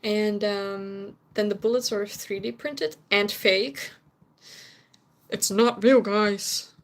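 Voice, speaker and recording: A woman's voice: mid-range voice, steady tone, takes it slowly. A young Dutch woman, whose first language is Dutch, chatting casually with viewers on a stream, laughing often and sometimes searching for English words. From Netherlands.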